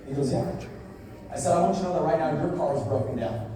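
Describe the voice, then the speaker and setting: A young man giving a motivational speech at a business event, telling a personal story and dropping low and quiet at the emotional parts. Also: fast talker, slight background noise. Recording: echoey hall, from far off.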